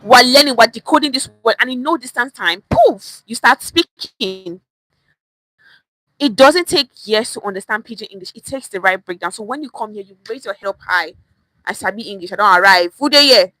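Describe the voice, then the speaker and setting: A young Nigerian woman with a Nigerian accent leads a Pidgin English lesson on a livestream. Her voice is bright and a little high, recorded dry and close. She talks in an animated way, repeating phrases to show how tone changes their meaning. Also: moderate pace, no echo, rough recording.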